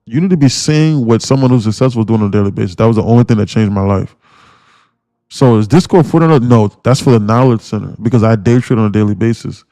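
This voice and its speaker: A man's voice: on the low side, quick pace, warm tone, no echo, clean studio sound. A man livestreaming his day trading, ranting bluntly with lots of swearing and mocking his viewers. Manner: blunt, swearing, mocks viewers in put-on voices. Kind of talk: profane ranting livestream talk.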